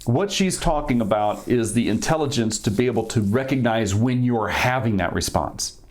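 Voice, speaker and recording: A man's voice: medium pitch, moderate pace. A man, a former police officer and podcast guest, talking casually and acting out the people in his stories with a raised voice. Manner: animated storyteller, acts out quoted people in a raised voice. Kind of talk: casual chat.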